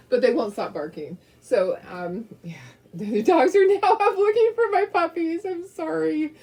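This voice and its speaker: A woman's voice: extremely high pitch, animated, measured pace, a little mellow. A woman hosting a craft video, chatting casually and telling stories while she paints, rambling a little and laughing often. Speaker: craft show host.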